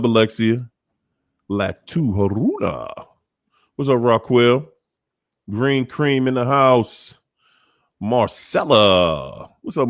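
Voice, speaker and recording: Laid-back animated DC man hosting. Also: mid-range voice, dry recording. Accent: Washington DC. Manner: animated and playful, slangy, laughing often. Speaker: host of a live online show. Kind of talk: casual shout-outs to live viewers.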